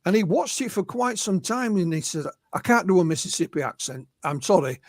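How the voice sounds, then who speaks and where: An English-accented UFO researcher, appearing as an interview guest, recounts witness stories conversationally, quoting people in his own voice with many fillers and restarts. His voice is high-pitched with big pitch swings and a slightly fast pace. There's no echo.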